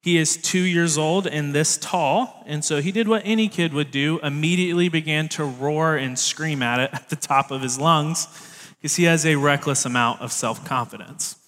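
A man's voice: fairly high pitch, moderate pace, fairly bright tone. A man, preaching a sermon as youth director in a friendly, joking, playful way. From Tennessee, US South. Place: church sanctuary stage. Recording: reverberant church hall.

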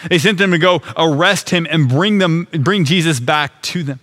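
A man's voice: on the high side, moderate pace, a bit bright. A man preaching a sermon, walking through a scripture passage in an earnest, conversational way. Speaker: pastor.

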